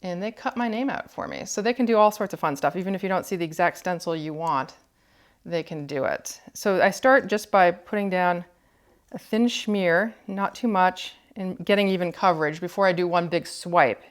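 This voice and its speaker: A woman teaching cookie decorating, calmly explaining each step while she works. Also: fairly low pitch, normal speed. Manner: calm, explanatory, thinking aloud while working. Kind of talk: step-by-step demonstration.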